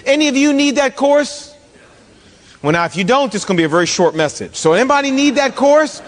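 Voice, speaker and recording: Male pastor, high voice, humorous self-mocking storyteller, sermon in a reverberant hall. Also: lively intonation, a little fast.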